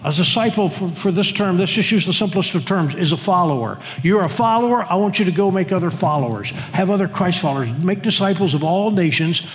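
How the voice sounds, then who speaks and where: A man's voice: high voice, expressive, a little fast, hardly any pauses, big-room sound, poor audio. A man preaching a sermon to his congregation, emphatic, often repeating words and restarting phrases. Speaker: pastor. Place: church sanctuary.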